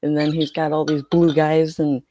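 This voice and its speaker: A man's voice: a little high, monotone, moderate pace, dark tone, no echo. A young man streaming a card game, complaining in a whiny, mock-scared way. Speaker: gaming streamer.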